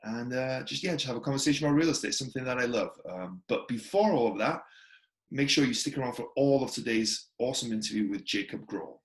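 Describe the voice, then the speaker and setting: A man's voice: mid-range voice, quick pace. A middle-aged man hosting a podcast, chatting casually and enthusiastically, often repeating his praise. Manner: enthusiastic, repeats "that's awesome". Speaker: podcast host. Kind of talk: casual interview chat.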